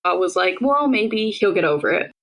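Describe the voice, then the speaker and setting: Young woman telling her story straight, lots of vocal fry, middle pitch. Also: lively intonation, normal speed, a bit bright, low-quality recording. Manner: candid, matter-of-fact retelling with quoted dialogue. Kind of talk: personal storytelling.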